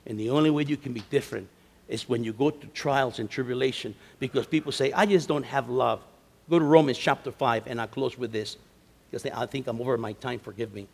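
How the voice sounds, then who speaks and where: A man giving a storytelling sermon at a men's conference, moving from easy chat to loud, emphatic preaching. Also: mid-range voice, creaky, husky. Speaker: conference speaker. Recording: long reverb of a large hall.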